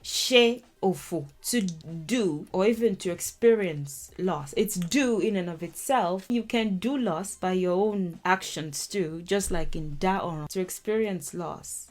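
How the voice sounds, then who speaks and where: A woman with a fairly low-pitched voice gives a language lesson, explaining each word of a song's lyrics. She laughs often and speaks in a lively, informal way. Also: unhurried, hardly any pauses. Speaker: language teacher.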